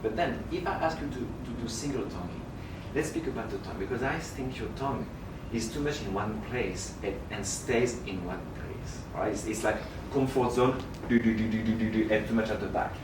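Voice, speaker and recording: French flute teacher in a roomy hall. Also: male voice, mid-range voice, lively intonation, normal speed, hardly any pauses. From France. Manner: coaching with sung syllables and demonstrations. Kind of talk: masterclass teaching. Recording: roomy, distant mic, noisy.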